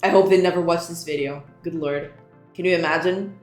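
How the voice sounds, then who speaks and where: A woman's voice: fairly low pitch, fairly even intonation, a little fast. Giggly young woman streamer chatting. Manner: giggly, laughs often, trips over words. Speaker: game developer streamer. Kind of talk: casual livestream chat, greeting viewers. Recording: roomy echo, faint background music.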